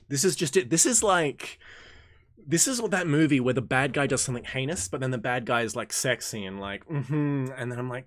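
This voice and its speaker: A young man hosting an occult reading group, reading passages aloud and rambling in jokey, animated tangents. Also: normal speed, no room sound, studio quality. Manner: animated and jokey, swings from excited outbursts to low mumbles. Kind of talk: casual reading and commentary livestream.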